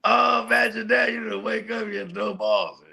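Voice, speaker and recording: A man's voice: sits high, wildly swooping pitch, normal speed, vocal fry, sharp tone, poor audio. A man co-hosting a live sports watch party, telling loose, profane, joking stories in casual banter. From California.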